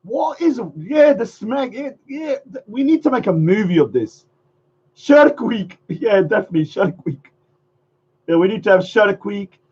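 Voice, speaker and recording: Speaking a little slowly, the host has a high, animated voice that is a little mellow and husky. His livestream rant mocks with sarcasm and sing-song repeated phrases, captured in dull lo-fi audio.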